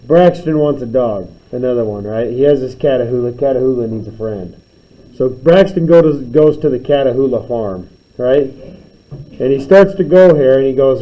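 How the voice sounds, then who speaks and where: A man's voice: medium pitch, normal speed, muffled recording. A man teaching a math class, spinning playful, teasing story problems about his students.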